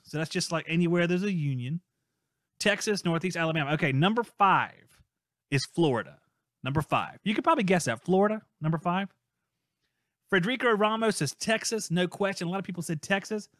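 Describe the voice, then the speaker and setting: A man's voice: sits high, no room sound, clean studio sound. A man hosting a live podcast in a casual, playful way, reading out listener guesses and teasing them. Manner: playful, reads out listener messages and teases guesses. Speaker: podcast host.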